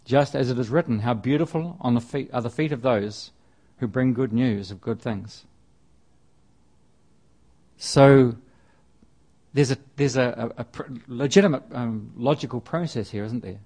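Man, preacher, conversational sermon, repeats and restarts phrases, mid pitch. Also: unhurried, dark tone. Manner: conversational, with frequent restarts and repetition.

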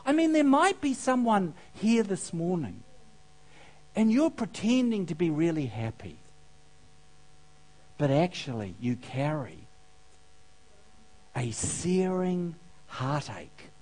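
In a sermon built around a funny parable, a man puts questions to the congregation and laughs at his own humor. His high-pitched voice is sing-song and a little mellow, and he goes slowly with long pauses.

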